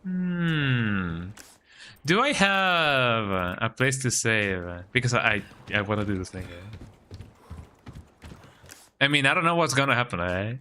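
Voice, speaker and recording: With an expressive, smooth, mid-range voice and a sharp tone, a Spanish-speaking gaming streamer talks slowly and pauses often. He chats casually and playfully as he plays, rambling, adding "eh?" to his lines, and bursting into silly sing-song bits.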